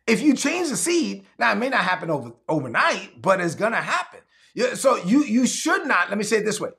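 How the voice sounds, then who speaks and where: Animated gravelly-voiced preacher man. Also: high voice. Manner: animated preaching, acts out people in quoted voices. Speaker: pastor. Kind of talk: sermon.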